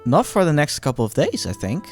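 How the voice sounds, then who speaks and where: Animated voice reading the hero's lines. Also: medium pitch, fairly quick, faint music behind. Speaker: player reading the main character aloud. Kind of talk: reading a visual novel aloud with friends.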